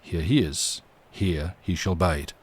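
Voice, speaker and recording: A man's voice: low voice, slow pace, slightly rough, heavily acted. A man voicing a stern, dour ship captain.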